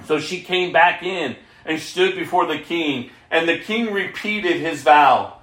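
A man's voice: on the high side, unhurried, hardly any pauses, fairly bright tone. A man reading scripture aloud in a plain, unpolished way, correcting himself now and then. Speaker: reader. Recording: echoey room.

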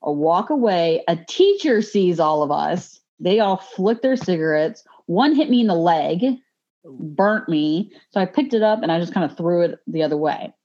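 On muffled, lo-fi podcast audio, a woman with a voice on the low side speaks at a moderate pace. She's blunt and profane, laughing her way through a lively story in a relaxed chat.

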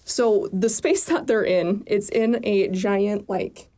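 A woman co-hosting a comedy podcast, chatting casually with playful, deadpan asides. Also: mid-range voice, slow pace. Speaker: podcast co-host. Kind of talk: casual chat.

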